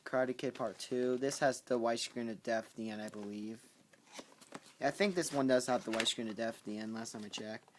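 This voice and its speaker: A man casually going through his tape collection on camera, talking in halting bursts with ums and restarts. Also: medium pitch. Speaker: VHS tape collector vlogger. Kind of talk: casual spoken video commentary. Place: at home with a pet in the room. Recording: noisy home recording with clicks.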